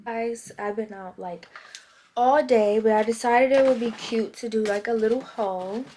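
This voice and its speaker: A young woman telling a story to her vlog audience in a casual, animated way, acting out both sides of a conversation. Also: on the high side, unhurried, a little hiss or hum. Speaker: vlogger.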